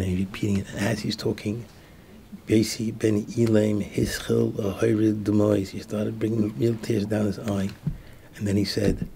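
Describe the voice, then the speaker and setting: A low, gravelly male voice belongs to a rabbi telling a story in a sermon. He drops to soft, hushed tones whenever he acts out the dialogue, over a faint hiss of background noise. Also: level tone, measured pace.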